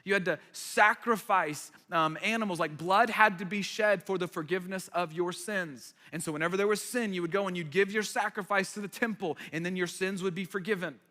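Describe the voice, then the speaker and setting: A man's voice: high-pitched, brisk, few pauses, pushed and bright. A man preaching a sermon as a pastor, conversational and emphatic with playful asides. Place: church hall. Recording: reverberant hall.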